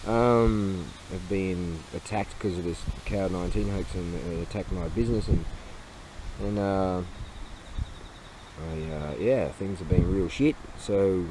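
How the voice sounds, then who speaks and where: A man's voice: low-pitched, a little slow, noisy background. A man vlogging in a casual, rambling way, with lots of fillers and frequent chuckles as he tells stories. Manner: laughing, rambling storyteller with many fillers.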